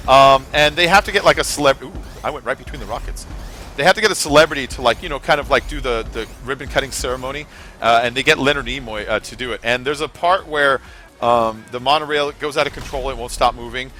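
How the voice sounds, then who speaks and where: Gamer guy streaming, bright lively voice, rambly and sweary, music underneath. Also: medium pitch, quick pace. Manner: rambling, swears, many fillers and restarts. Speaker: gaming streamer. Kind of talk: casual live-stream chat while gaming.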